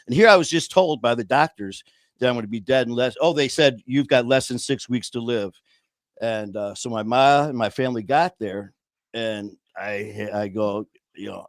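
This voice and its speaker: A podcast host with a mid-range voice speaks at a moderate pace, recorded clean in a studio with no room sound. He tells a personal story in casual conversation, earnest and emotional, often calling people "man" and "brother."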